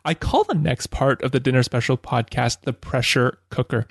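A man's voice: medium pitch, moderate pace, vocal fry, breathy edge. A man hosting a podcast, asking a guest questions in an upbeat, encouraging way. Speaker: podcast host.

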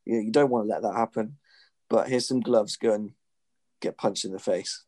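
A man's voice: fairly low pitch, normal speed, darkish tone. A man in casual conversation who restarts his sentences often and chuckles as he talks. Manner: hesitant restarts, chuckling asides. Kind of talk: casual chat.

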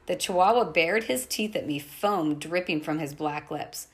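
Expressive woman reading a novel aloud. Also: low-pitched, moderate pace. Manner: expressive first-person storytelling. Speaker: audiobook narrator.

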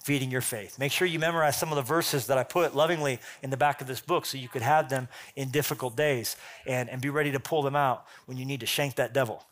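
A man preaching a sermon as pastor, punchy and animated, with quick asides and jokes. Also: mid-range voice, a little hiss or hum.

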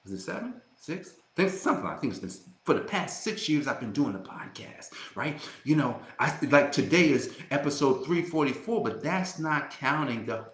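A man's voice: medium pitch, sing-song, moderate pace, hardly any pauses, echoey room, a little hiss or hum. A man hosting a faith-based motivational podcast, talking in a fervent preaching cadence full of restarts and repeated words. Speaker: podcast host.

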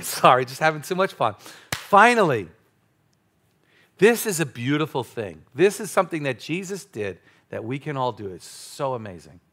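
A male pastor preaching a sermon, playful and animated, with sudden loud exclamations. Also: mid-range voice.

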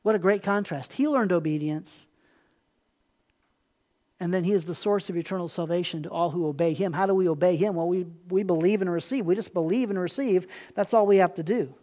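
A man preaching a sermon in a relaxed, conversational way, slipping into quick acted-out asides. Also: sits high. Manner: conversational, acts out voices in quotes, animated asides. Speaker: pastor.

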